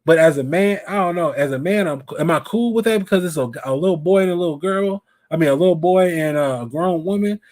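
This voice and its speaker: A man's voice: high voice, brisk, few pauses, a little mellow, no echo, clean studio sound. A man hosting a live stream show, chatting casually and animatedly and asking his viewers questions.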